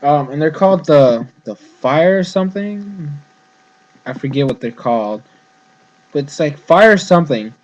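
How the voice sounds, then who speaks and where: A man giving a casual, rambling review of a cartoon episode, full of fillers and quick acted-out lines. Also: fairly high pitch, muffled recording. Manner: rambling, excitable, heavy use of "like" and "freaking"; acts out the characters' lines in quick bursts.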